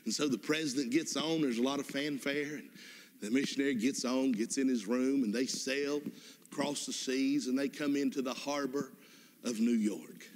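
Fervent male preacher in a reverberant church. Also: mid-range voice. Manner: fervent, with emphatic repeated exhortations. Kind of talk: sermon storytelling and prayer. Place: church sanctuary. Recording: long reverb of a church hall.

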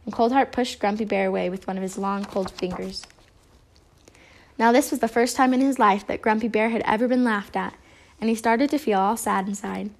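A woman reading a children's picture book aloud. Her narration is expressive and even. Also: mid-range voice, moderate pace, gravelly. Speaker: storybook reader.

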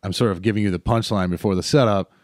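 A man's voice: lowish voice, steady tone, fast, a little mellow, dry recording, clean studio sound. A man in his thirties, a comedian guest on a podcast, casually telling a long story full of "uh"s and self-corrections.

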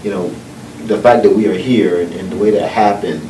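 A mellow, low-pitched man with a steady tone and a North Carolina Southern accent talks fairly quickly at a book event where he's a guest speaker. His folksy, earnest storytelling turns motivational and uplifting, recorded far away in a noisy, echoing room.

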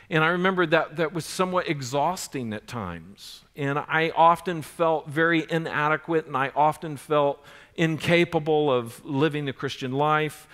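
A man's voice: fairly high pitch, a bit bright. A man in his forties preaching a sermon as pastor, earnest and building in force on key points. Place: church sanctuary. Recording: church sanctuary with long reverb.

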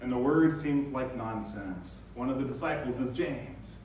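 A male pastor giving a lively sermon, acting out the scenes with sudden high bursts. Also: normal speed, few pauses, a little hiss or hum. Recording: very echoey church hall, distant mic.

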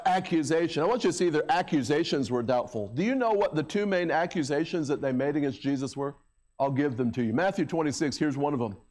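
Preaching in the church sanctuary, this middle-aged male pastor has a slightly high, slightly mellow voice. His delivery is chatty and sprinkled with fillers, rising in volume as he mocks a crowd. A handheld or stand mic captures him.

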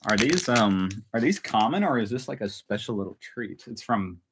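A man's voice: mid-range voice, big pitch swings, moderate pace, noisy background. A man hosting a casual live stream from home, chatty and self-mocking, laughing often. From United States. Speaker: channel host.

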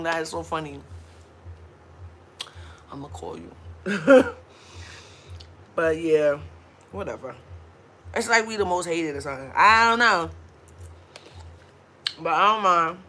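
A woman's voice: fairly low pitch, sing-song, slow pace, pauses often, sharp tone, a little hiss or hum. A woman hosting a mukbang livestream, ranting casually with blunt, profane talk and frequent laughs while hungover.

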